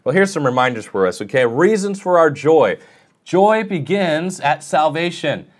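A man's voice: big pitch swings, moderate pace. A man preaching a sermon in an earnest, self-deprecating way, often lifting his voice to stress a point. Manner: earnest, self-deprecating, rises and falls in pitch for emphasis.

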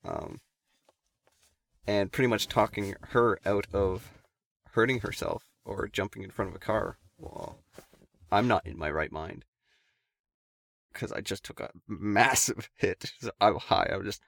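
Gravelly laid-back man telling a story. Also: on the low side, measured pace, long pauses, a bit bright, dry recording. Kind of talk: casual storytelling chat.

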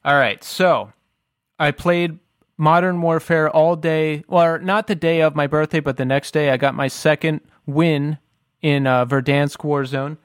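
Teasing, slightly high-voiced podcast host. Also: male voice, fairly even intonation, measured pace, clean tone, no echo, studio quality. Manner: teasing, joking, swears freely. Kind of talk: casual podcast chat.

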